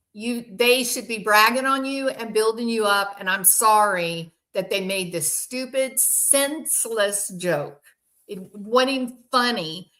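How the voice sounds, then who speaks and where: A woman's voice: mid-range voice, bright, forceful tone. A woman hosting casual true crime commentary, bluntly and indignantly answering viewers by name. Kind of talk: casual commentary reacting to chat.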